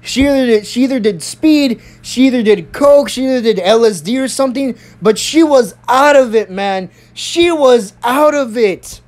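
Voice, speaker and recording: A young adult in their early twenties telling a school story in a profane, animated, rambling way. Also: mid-range voice, moderate pace, hardly any pauses. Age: early 20s. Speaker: vlogger. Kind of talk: storytime vlog.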